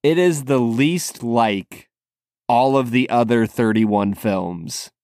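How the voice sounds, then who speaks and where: A man's voice: mid-range voice, slow pace, a little mellow, no echo, studio quality. A man co-hosting a podcast, talking easily about films and laughing often. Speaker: podcast co-host. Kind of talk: casual chat about films.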